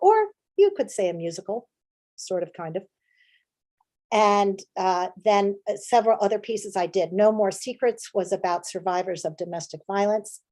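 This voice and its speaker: A woman's voice: mid-range voice, mellow. Chatty American woman presenting her work. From United States. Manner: chatty with frequent fillers and restarts. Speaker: playwright and director giving a talk. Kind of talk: conversational presentation.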